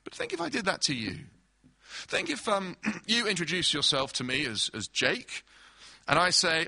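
A man's voice: high voice, big pitch swings, normal speed, gravelly, bright, forceful tone, no room sound. A man preaching a sermon, explaining scripture through everyday illustrations and acted-out quotes.

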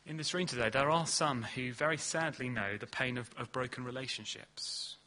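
A man preaching a sermon in earnest, leaning hard on key words and then dropping low and slow. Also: sharp tone. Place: church hall.

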